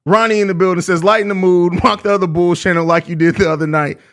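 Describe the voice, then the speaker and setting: A young man with a very high-pitched voice delivers a live-stream postgame rant. He is exasperated and profane, and he leans on slang, drawing out his complaints again and again. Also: fairly even intonation, fast talker, a bit bright. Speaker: host of a live postgame show.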